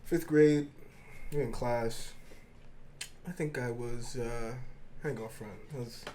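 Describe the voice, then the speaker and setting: A young man co-hosting a podcast, chatting in slang and reacting excitedly to stories. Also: medium pitch, unhurried, a little hiss or hum. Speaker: podcast co-host. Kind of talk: casual chat.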